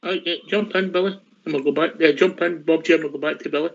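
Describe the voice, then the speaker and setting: A man's voice: fairly high pitch, steady tone, fast talker, creaky. A Scottish man hosting a football phone-in, chatty and jokey as he waves callers in. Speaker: radio phone-in host. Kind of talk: casual football phone-in chat. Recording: dull lo-fi sound.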